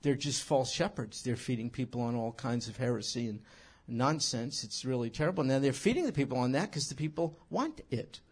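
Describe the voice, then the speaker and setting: A man teaching scripture in an animated sermon, emphatic and full of rhetorical questions. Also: mid-range voice, a little fast, hardly any pauses, breathy edge. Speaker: Bible teacher.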